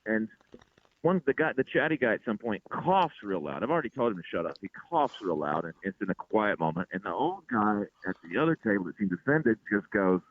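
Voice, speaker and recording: A man, a comedian being interviewed, telling stories in an exasperated, animated way. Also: on the low side, a little fast, dry recording. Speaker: comedian guest. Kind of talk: casual interview chat. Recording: tinny phone-like line.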